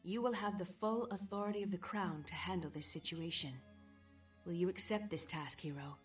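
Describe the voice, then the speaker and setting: An actress voicing a composed, commanding queen in a video game cutscene, with formal, measured delivery and faint music behind her. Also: lowish voice, natural voice. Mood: regal. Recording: game audio under background music.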